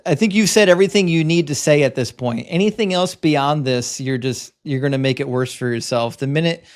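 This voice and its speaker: A man hosting a live-streamed debate show and reading viewer messages, talking bluntly and lecturing, with quick stammered restarts. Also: a little high.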